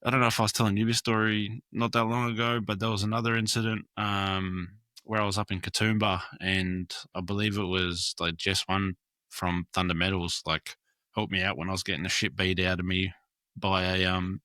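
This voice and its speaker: A man's voice: sits low, level tone, a little fast, pushed and bright, no room sound. A young Australian man telling long, rambling stories on a podcast, full of fillers and swearing. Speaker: podcast guest, graffiti artist. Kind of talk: casual storytelling chat.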